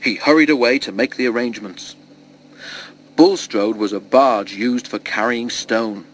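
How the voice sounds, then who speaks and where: A man reading a children's storybook aloud in a steady, expressive storytelling voice. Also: medium pitch, a little slow, slight background noise, rough recording. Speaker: storybook reader.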